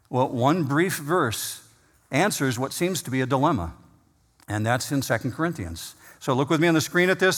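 A man preaching a sermon as pastor, emphatic, slowing down and rising in pitch on key words. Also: fairly bright tone. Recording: long reverb of a large hall.

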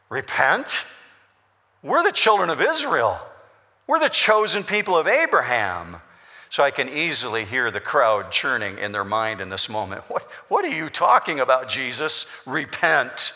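In a church sanctuary, a pastor preaches a sermon, explaining scripture emphatically and repetitively. His mid-range voice is bright and forceful, and the recording has long hall reverb.

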